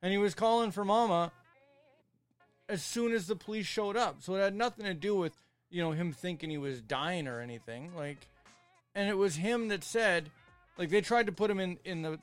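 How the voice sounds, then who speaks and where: A man, explaining his opinions at length in a casual podcast chat. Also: high voice. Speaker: podcast co-host.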